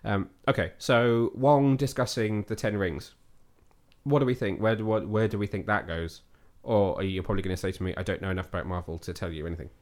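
A man's voice: lowish voice, brisk. A man hosting a casual film review chat, rambling a little and asking his co-host questions. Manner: rambling, many restarts, asks questions. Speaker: podcast host.

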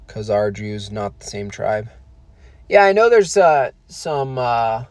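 An American man casually answering viewer questions on a stream, halting with many fillers and restarts. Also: medium pitch, no room sound. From United States. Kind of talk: casual livestream chat.

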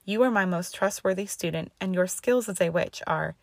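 A woman reading the lines of an older headmistress witch, calm, measured and sympathetic, in a storybook reading. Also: fairly low pitch, vocal fry, no echo, clean studio sound. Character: stern, steady older female headmistress witch.

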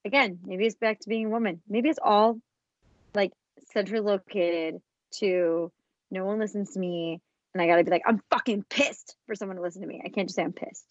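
A woman's voice: mid-range voice, fairly even intonation, a little fast, a little mellow, dry recording, muffled recording. A woman in her thirties co-hosting a podcast, chatting casually and frankly, swearing freely. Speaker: podcast co-host. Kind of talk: casual chat.

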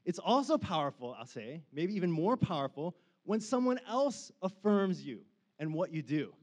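Man, pastor, sermon, conversational, filler-heavy, builds to fervent, fairly high voice. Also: big pitch swings, moderate pace, a little mellow, lo-fi sound. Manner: casual, conversational preaching with many "like" fillers, swelling to fervent.

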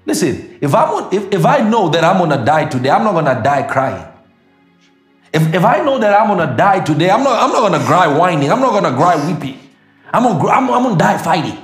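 Emphatic preacher man, lively and high. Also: a little fast, reverberant, faint music behind. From South Africa. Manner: emphatic, repetitive preaching with sudden shouts and laughs. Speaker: pastor. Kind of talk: sermon.

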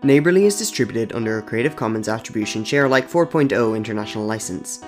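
A man narrating a storybook audio drama in a measured, deadpan way. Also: medium pitch. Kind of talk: scripted narration. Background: soft music.

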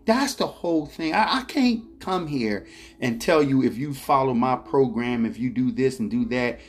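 A man's voice: mid-range voice, lively intonation, moderate pace, faint music behind. A middle-aged man telling a story in a casual, rambling way. He repeats words, chuckles as he goes, and speaks straight to his viewers. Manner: addresses viewers directly as ladies and gentlemen. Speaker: travel vlogger.

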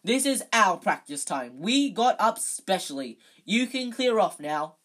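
An amateur reader voicing a stern, intense teenage boy team captain who barks orders with loud outbursts. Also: mid-range voice, lively intonation, moderate pace, slightly rough. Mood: indignant.

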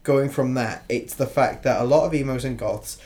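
Animated man chatting on a podcast. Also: mid-range voice, normal speed. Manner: animated, laughing, self-correcting. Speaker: podcast co-host. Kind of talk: casual chat.

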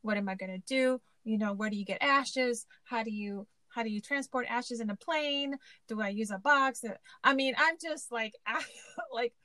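A woman's voice: a little high, moderate pace, bright, forceful tone, no echo. A woman hosting a casual interview, talking in a chatty, rambling way with many fillers. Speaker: podcast host.

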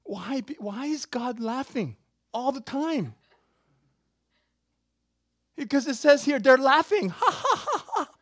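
A preacher giving an animated, playful sermon with sudden shouts and laughter, recorded close and dry. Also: high-pitched, slow, long pauses, no room sound.

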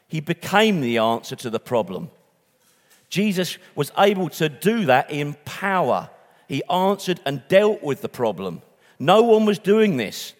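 A man delivers a sermon in a loose, conversational way, stopping to correct himself and add asides. His voice sits a little high for a man. The sound rings with the long reverb of a hall. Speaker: preacher.

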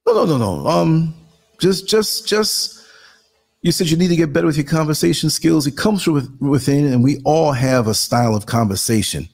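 A man in his sixties with a New York accent, hosting a live show and chatting casually, telling animated stories and acting out quotes in a higher voice. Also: normal speed, creaky. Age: 60s. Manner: animated storyteller, acts out quotes in a higher voice, laughs often. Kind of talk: casual live-stream chat.

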